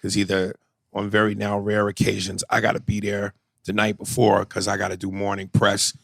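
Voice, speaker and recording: A man's voice: lowish voice, moderate pace, gravelly, dry recording. A man co-hosting a podcast, telling loose, profane stories in casual chat. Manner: profane, animated storytelling with impressions. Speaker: podcast co-host.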